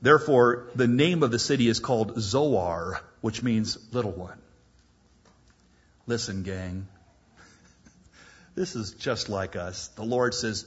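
Male preacher, husky, highly animated delivery, acts out voices mid-sermon; muffled lo-fi sound. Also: slow pace, long pauses.

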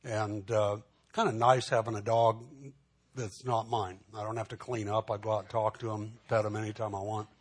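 A pastor giving a sermon, teaching in a conversational way with asides and restarts, growing animated when telling a personal story. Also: male voice, fairly low pitch, moderate pace, breathy edge.

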